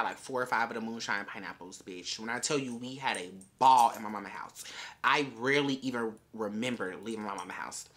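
A woman's voice: extremely low pitch, fairly bright tone. A young woman telling a wild story in a vlog, brash and full of swearing. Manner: brash, profane, chatty storytelling. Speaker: vlogger.

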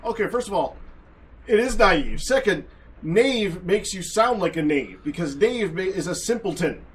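A man's voice: sits high, lively intonation, normal speed, slightly rough. An American man playfully correcting a friend's word choices while they play a game. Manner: playfully lecturing, nitpicking. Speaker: co-player. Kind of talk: casual gaming banter.

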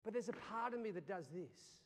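A man preaching a sermon in an animated style, going from loud to hushed. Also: high-pitched, fairly quick. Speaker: pastor. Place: church hall. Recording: long church reverb.

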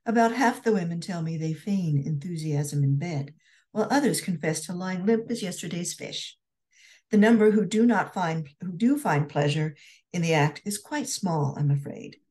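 A woman voicing a witty young Scotswoman corset maker, frank and dryly teasing, a little higher than her narration. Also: moderate pace, mellow, natural voice.

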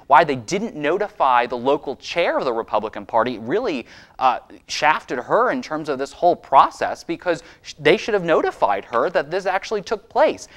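A man's voice: fairly high pitch, fairly bright tone. Young guy from maine all riled up, hammering his points home on his show. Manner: fired-up, insistent, repetitive emphasis. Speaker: host and state legislator. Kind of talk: impassioned political commentary.

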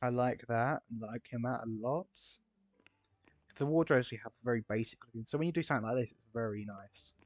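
A man's voice: medium pitch, no room sound. Guy gushing over game builds, gasping a lot, dry dull-sounding mic. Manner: excitable and gushing, quick gasps and exclamations. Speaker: game video creator touring player builds. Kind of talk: casual gameplay commentary. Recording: slightly dull, lo-fi recording.

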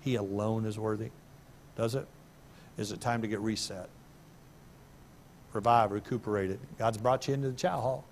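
A middle-aged male pastor preaching a sermon in a church, breaking into sudden loud, high bursts of emphasis. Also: fairly even intonation, moderate pace, pauses often, a little hiss or hum. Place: church sanctuary.

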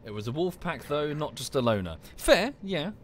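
A man's voice: fairly high pitch, big pitch swings, normal speed, slight background noise. A man from the UK chatting casually while streaming a game, with dry muttered asides. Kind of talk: casual gameplay commentary.

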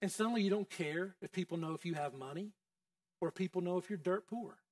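Man, pastor, conversational sermon, high and lively, distant dry mic. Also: fast talker, no room sound. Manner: conversational, quizzing the congregation. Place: church.

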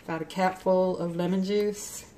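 A woman's voice: fairly low pitch, steady tone, normal speed. A woman cooking at home, chatting through each step of a recipe while her mouth is still numb from the dentist. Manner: chatty, explains each step as she goes. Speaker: home cook. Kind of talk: casual cooking demonstration. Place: home kitchen. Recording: home kitchen clatter and noise.

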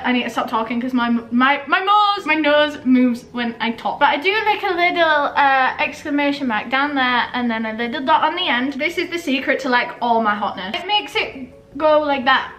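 A young woman with a softened Yorkshire accent, chatting casually to camera while doing her makeup, self-mocking and rambling. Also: high-pitched. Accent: Yorkshire, softened by a southern English accent. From Yorkshire, England. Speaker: YouTuber. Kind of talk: casual get-ready-with-me chat. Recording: echoey room.

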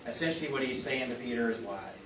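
A man's voice: medium pitch, animated, fast. A man with a Midwestern American accent, a pastor leading an interactive Bible class, speaking conversationally with many fillers and questions put to the group. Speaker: pastor teaching a Bible study. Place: church classroom. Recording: roomy, distant mic, faint hiss.

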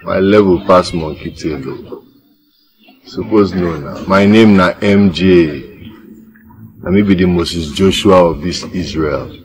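A man's voice: deep voice, a little slow, darkish tone, a little hiss or hum. An actor playing a boastful man bragging about his importance in a Nigerian accent. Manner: boastful, pleading. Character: boastful young man who calls himself a big leader.

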